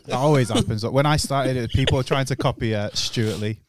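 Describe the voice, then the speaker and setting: A man's voice: medium pitch, brisk, a little hiss or hum. A man, a comedian in casual podcast chat who rambles loosely and laughs often, on a close mic.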